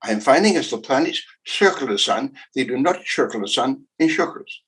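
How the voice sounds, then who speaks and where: A comic old German astronomer , as a lecturer puts him on, earnest and absorbed in his discovery. He speaks in a thick put-on German accent, tacks mock-German endings onto his words and slows down to stress each point. The voice stays a little husky underneath. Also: mid-range voice, lively intonation, fairly bright tone, rough recording. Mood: earnest explaining. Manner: mock-German word endings, slow emphatic explaining.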